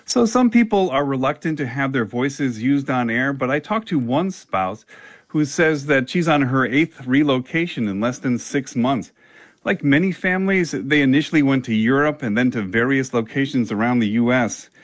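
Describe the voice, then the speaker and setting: A man's voice: medium pitch, animated, normal speed, dry recording. Man reporting radio news, dry sound.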